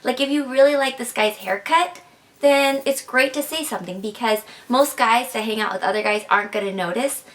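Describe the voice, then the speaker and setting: A woman's voice: on the high side, brisk, fairly bright tone. Chatty young woman giving advice. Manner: chatty, filler-heavy with frequent "like" and "kinda". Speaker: advice vlogger. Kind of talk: casual advice vlog.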